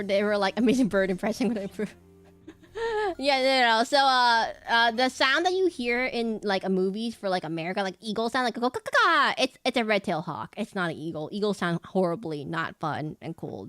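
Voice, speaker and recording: A young woman with a medium-pitched voice chats casually on a live stream as she draws. She rambles playfully, loops back over her own words and drifts between topics. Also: a bit bright. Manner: rambling and playful, repeats words, hums and does silly bird noises. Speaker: VTuber streamer. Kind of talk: casual live-stream chat while drawing.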